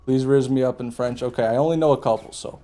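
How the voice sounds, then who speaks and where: Speaking fast in a steady, warm mid-range voice, a man plays a video game on a live stream. He keeps up casual gameplay commentary, talking with viewers, swearing, joking and cracking himself up.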